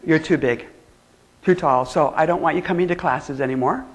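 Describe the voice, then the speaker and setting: A woman's voice: sits low, moderate pace, voice pushed down, close to an everyday voice, poor audio. A woman voicing a strict female ballet teacher who gives curt, dismissive orders.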